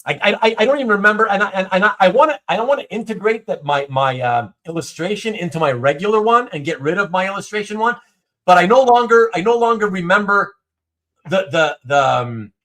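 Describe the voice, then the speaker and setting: A man hosting a casual livestream chat, reading viewer comments aloud, with animated speech and stumbling restarts. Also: high voice, fairly quick. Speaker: host.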